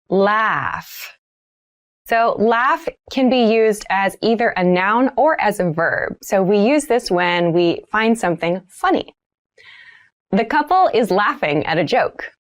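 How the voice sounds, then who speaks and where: A woman teaching English vocabulary, saying each word and example sentence three times and then explaining it plainly. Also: medium pitch. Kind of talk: slow, clear vocabulary lesson with repeated words.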